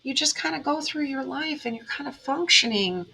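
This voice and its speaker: Bright earnest woman. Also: sits high, moderate pace, vocal fry, poor audio. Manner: earnest, emotional, talks straight to viewers. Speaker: tarot reader and spiritual vlogger. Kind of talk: heartfelt motivational monologue.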